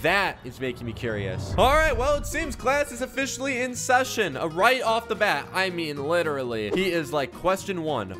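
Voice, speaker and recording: Man, gaming commentary, lively swooping pitch, slightly high voice, faint music behind. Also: moderate pace, few pauses. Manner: excitable, dramatic reactions. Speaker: gaming YouTuber. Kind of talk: gameplay commentary.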